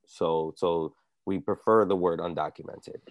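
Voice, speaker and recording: Man, from the Dominican Republic, very deep voice, dry close sound, earnest storytelling, casual chat. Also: steady tone, unhurried, no echo, highs cut off. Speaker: comedian guest. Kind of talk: casual conversation.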